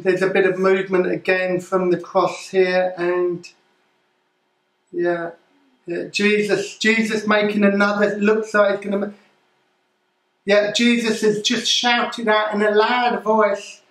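A male pastor preaches a sermon staged as a live news report, speaking gravely with halting restarts. His voice sits high for a man and moves at a slow, deliberate pace. The sound carries a noticeable room echo. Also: fairly bright tone.

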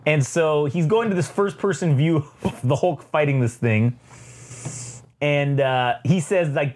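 A man's voice: mid-range voice, slow pace. A man co-hosting a podcast, casually recapping a comic in a rambling, profane way. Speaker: podcast co-host. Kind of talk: casual chat.

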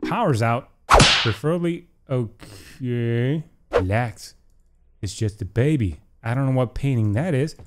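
A young gaming YouTuber does let's play commentary on a horror game, jumpy and mock-insulting the baby character. His medium-pitched voice is expressive and a little slow, with game music and other noise in the background.

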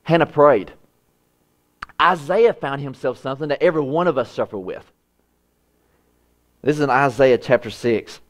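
A man preaching a sermon, voice rising high when he acts out prayers and dropping low and soft for quiet lines. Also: moderate pace, pauses often. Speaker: pastor.

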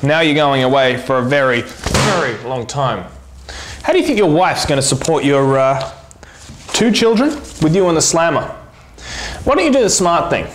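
For a comedy web series, an actor plays a blustering cop sternly grilling a silent suspect with theatrical, mock-tough bravado. His voice is on the high side and sing-song, at a moderate pace, captured in an echoey room with faint noise.

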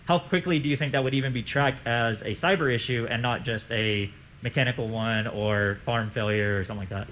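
A man's voice: medium pitch, fairly even intonation, a little fast, a bit bright, a little hiss or hum, poor audio. Man from the audience asking a question. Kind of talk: conference Q&A question.

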